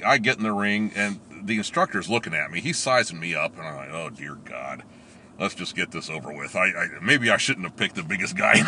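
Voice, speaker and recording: A middle-aged man telling a story in a casual, animated way, laughing often and acting out what people said. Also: low-pitched, fairly quick, a little hiss or hum. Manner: animated, laughs often, acts out quoted lines. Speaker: storyteller recalling police academy training.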